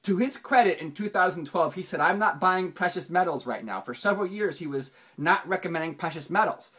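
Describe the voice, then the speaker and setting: A finance channel host giving casual video commentary, rambling with many restarts and fillers, and jumping up in pitch for emphasis. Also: a little fast, slightly rough. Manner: animated, pitch jumps up for emphasis.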